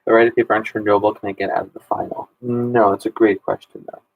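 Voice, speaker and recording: A man's voice: lowish voice, little pitch movement, fast talker, gravelly, no room sound, narrow, tinny audio. A man in his thirties, a history teacher running a casual exam review Q&A and talking in a chatty way with many ums and restarts.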